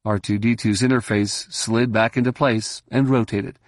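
A male narrator with a lowish voice reads a science fiction novel in measured, even tones. He sits close to the microphone, and the sound is dry and dead with no room around it. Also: no echo. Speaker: audiobook narrator. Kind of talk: scripted narration.

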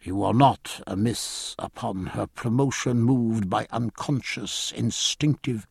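A man reading an audiobook, voicing a measured, dry-witted grown man who talks in wry, reasoned phrases. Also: gravelly, slightly rough, no room sound, exaggerated voice. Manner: measured, wry, lower-pitched delivery. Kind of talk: audiobook character voice.

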